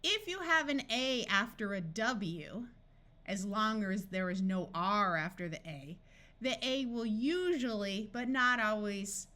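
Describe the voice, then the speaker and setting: A woman narrates a scripted phonics lesson at a very unhurried pace. Her voice is bright and forward, and she pronounces each sample word distinctly with a pause after it. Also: mid-range voice. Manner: slow, clearly enunciated word-by-word reading. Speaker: phonics tutor.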